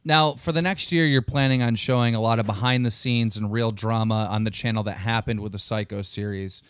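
A man's voice: fairly low pitch, fairly even intonation, fairly quick, clean tone, no room sound. A man interviewing a guest, asking long, chatty questions full of "like" and "you know". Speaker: interviewer, host.

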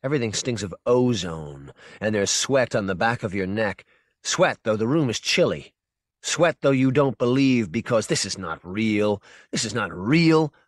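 A man narrating a short story for an audiobook in a measured, intense second-person voice. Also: fairly low pitch, animated, no room sound, clean studio sound. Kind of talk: scripted narration.

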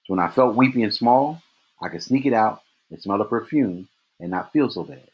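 A man reading aloud, voicing a big, plain-spoken prison guard who talks in rough grammar. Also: fairly low pitch, expressive, moderate pace, rough recording. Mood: earnest. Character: big burly prison guard, grown man, gruff and shaken.

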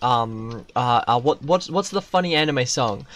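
A man streaming a video game, giving casual commentary that swings from loud, profane yelps to quiet muttering. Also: mid-range voice, a little slow, few pauses.

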